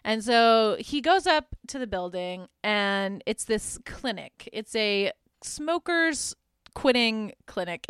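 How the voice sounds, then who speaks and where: Tossing out "like" constantly and cursing without restraint, a woman sarcastically runs through a movie's plot on her podcast. Her mid-range voice is slightly bright with a clean tone, and the studio recording has no room sound at all.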